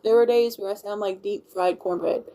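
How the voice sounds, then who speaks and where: A woman from Louisiana speaks at normal speed in a mellow, mid-range voice with fairly even intonation and a country Cajun accent. She chats casually on a livestream, rambling and thanking viewers, over a low-quality recording with slight hiss or hum.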